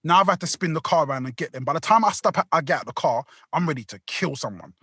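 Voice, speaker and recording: A man with a high, bright voice, rambling through a story full of slang and swearing. The sound is close and dry. It is casual podcast storytelling. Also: animated, fast talker, breathy edge, no room sound. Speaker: podcast co-host.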